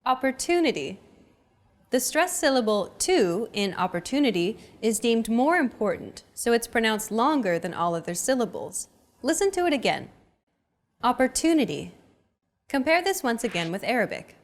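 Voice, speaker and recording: A woman hosting a scripted language lesson, explaining clearly and evenly. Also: on the high side, very animated, moderate pace. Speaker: lesson host.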